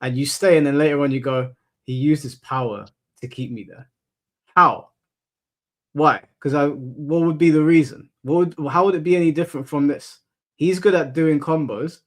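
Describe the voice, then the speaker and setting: A man's voice: on the high side, steady tone, normal speed. A man hosting a casual podcast, talking in a blunt, incredulous and slangy way. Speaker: podcast host.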